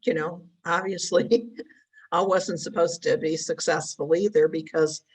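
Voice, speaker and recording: A woman speaking as a guest in a conversational interview, reflective and quick to laugh lightly. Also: on the low side, fairly even intonation, husky. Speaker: podcast guest. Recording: voice sounds distant from mic.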